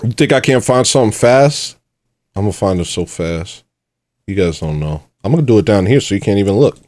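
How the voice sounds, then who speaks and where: A man's voice: lowish voice, expressive, fairly quick, a little mellow, dry recording, studio quality. A man hosting a livestream, talking bluntly and rambling in a self-mocking way. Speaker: livestream host. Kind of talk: casual livestream rant.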